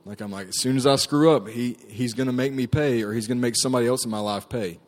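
Casting note: man, mid-pitched voice, loose storytelling testimony, plenty of "like" and "uh". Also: fast talker. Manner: casual storytelling, many fillers and "like". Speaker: ministry staff member giving testimony. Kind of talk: personal testimony talk.

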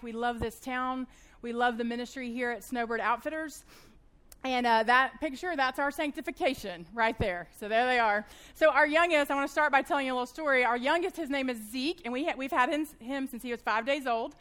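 A high-pitched woman in her thirties teaches a women's Bible study, talking fast and animatedly. She's a lively storyteller, weaving personal stories into her church teaching.

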